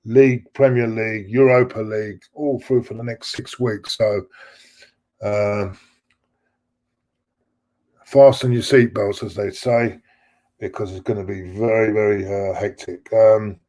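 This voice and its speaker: Speaking low, steady and dark-toned, a middle-aged fan channel host takes his time and leaves long pauses. He chats with live-stream viewers, reading their messages while rambling and repeating himself.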